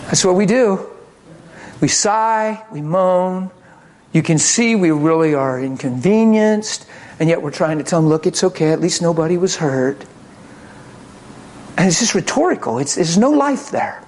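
A man preaching a sermon, telling a story with lively acted-out quotes and swings between loud and hushed. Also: sits high, measured pace, a little hiss or hum.

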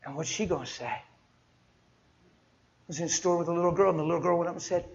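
A man's voice: a little high, fast talker, vocal fry, long pauses, a little hiss or hum. A male preacher giving a sermon in a folksy storytelling way, acting out everyday conversations. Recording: dull lo-fi recording.

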